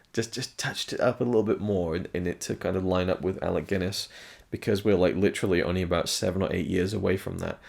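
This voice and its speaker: A man's voice: low voice, vocal fry, darkish tone. A man giving a casual spoken review, rambling and frank, often restarting and repeating words, with the odd casual swear. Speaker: film and TV reviewer.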